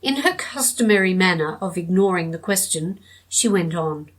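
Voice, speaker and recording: A woman narrating an audiobook with a measured, steady storytelling delivery. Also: lowish voice, poor audio.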